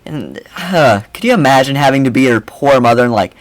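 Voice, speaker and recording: Young male reaction host, mocking and rambling, very animated delivery, dry close mic. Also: mid-range voice, brisk, no room sound, poor audio. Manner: mocking, animated, rambling with repeated "I mean, seriously". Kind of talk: casual reaction commentary.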